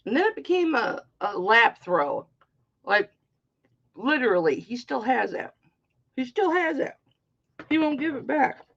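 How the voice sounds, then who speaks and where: Middle-aged woman host, chatty and rambling, slow delivery, muffled lo-fi stream sound. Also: a little high, big pitch swings, creaky, fairly bright tone. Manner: chatty, rambling, playful storytelling. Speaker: live-stream jewelry auction host. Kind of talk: casual live-stream chat.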